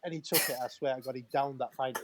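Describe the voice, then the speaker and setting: A man's voice: medium pitch, fairly even intonation, very noisy. Chatty man telling laughing anecdotes. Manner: chatty and laughing, acting out quoted dialogue; halting restarts and fillers. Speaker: guest, former footballer. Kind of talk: casual storytelling on a live talk-in.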